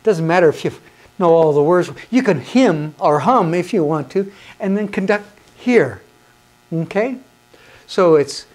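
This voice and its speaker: A man leads a hymn conducting lesson in a slow, unhurried voice. He is patient and encouraging, counts the beats out loud, and asks his viewers questions before he answers them himself. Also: high voice, lively intonation. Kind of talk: instructional how-to video.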